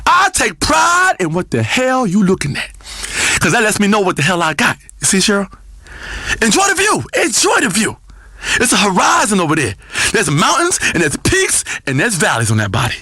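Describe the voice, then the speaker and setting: An actor playing a crude, boastful male spiritual-guru radio host, preaching loudly and swinging between growls and shouts. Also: extremely high pitch, dry recording, studio quality, exaggerated voice. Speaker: radio talk show host. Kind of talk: comedic radio talk show.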